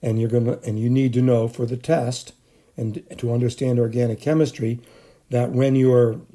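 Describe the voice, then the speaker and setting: A man's voice: mid-range voice, warm tone. A middle-aged man giving a recorded chemistry lecture for a screencast, speaking off the cuff with frequent fillers and restarts. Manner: unscripted, many fillers and restarts. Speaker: chemistry teacher.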